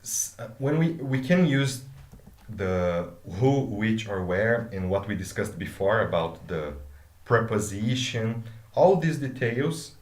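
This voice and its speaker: A man's voice: on the low side, animated, takes it slowly. A man, teaching an English grammar lesson. He explains with examples and often checks in with "okay?". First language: Portuguese. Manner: explains with examples, asks okay after each point. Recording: echoey room.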